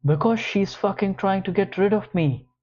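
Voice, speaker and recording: A man's voice: a little high, slow, muffled recording. A man doing a snarling, furious abusive man. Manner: snarling, shouting, profane. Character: volatile, abusive grown man in a rage.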